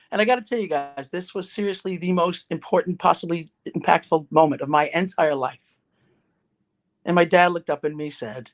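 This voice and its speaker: Middle-aged woman guest, lively anecdotal storyteller, chatty with frequent restarts. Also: lowish voice, a little fast. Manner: animated, conversational storyteller with restarts. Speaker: guest, ghostwriter and speaker. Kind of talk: told anecdote and podcast chat.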